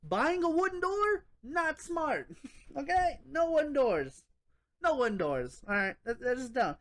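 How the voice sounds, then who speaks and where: A woman's voice: high-pitched, big pitch swings, unhurried. A woman talking through a horror movie review in a loose, casual way. She rambles and restarts, laughs often and swears freely as she picks apart the film.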